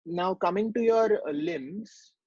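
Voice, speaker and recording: Husky man giving a slow medical lecture. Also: high-pitched, a little mellow, dry recording, highs cut off. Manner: explains step by step, asks rhetorical questions.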